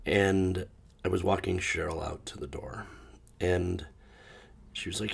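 Deep husky man, low and sad. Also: normal speed. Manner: rambling and emotional, restarting often, with sudden loud outbursts. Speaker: podcast host. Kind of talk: casual solo monologue.

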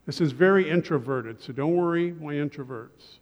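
A male pastor giving a sermon to his congregation, relaxed and joking in asides. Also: a little high, normal speed, long reverb tail, muffled recording. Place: church sanctuary.

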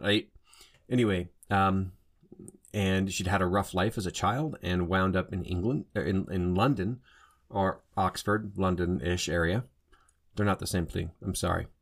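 A man hosting a solo podcast in a casual monologue, rambling and often stopping to rephrase and correct himself. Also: low-pitched. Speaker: podcast host.

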